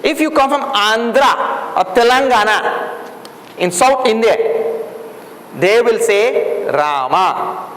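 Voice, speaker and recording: A man with a very high, expressive voice and a fairly bright tone teaches Sanskrit at a slow pace. He patiently explains, repeats words for his students, and checks their understanding with questions, while the hall echoes with faint room noise.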